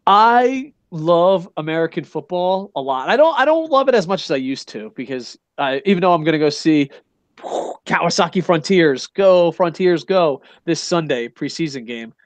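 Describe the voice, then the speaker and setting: A man's voice: a little high, lively intonation, normal speed, dry recording. A middle-aged man hosting a casual wrestling podcast, rambling and swearing with big enthusiasm and asking "you know what I mean?" again and again. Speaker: podcast host. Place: Japan.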